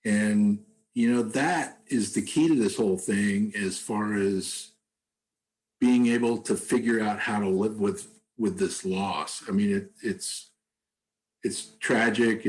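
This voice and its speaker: A man talking casually on a video call in a soft-spoken, halting way with many fillers. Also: on the low side, rough recording. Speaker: songwriter and bereaved father. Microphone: computer mic on a video call.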